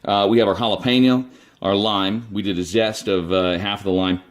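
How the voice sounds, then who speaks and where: A man's voice: lowish voice, expressive, a little fast. A man casually chatting his way through a home cooking demo in his kitchen, rambling and self-deprecating. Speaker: cooking video host.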